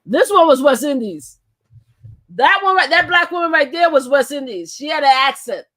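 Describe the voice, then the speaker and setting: An older woman hosting a livestream and reacting to clips. She speaks emphatically, repeats her points and exclaims loudly at what she sees. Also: high voice, expressive, moderate pace. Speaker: livestream host.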